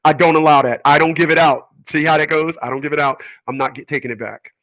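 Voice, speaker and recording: Bright-voiced man ranting on his show. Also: on the high side, steady tone, quick pace, poor audio. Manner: emphatic, repeats himself, stammering restarts. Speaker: radio show host. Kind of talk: casual monologue.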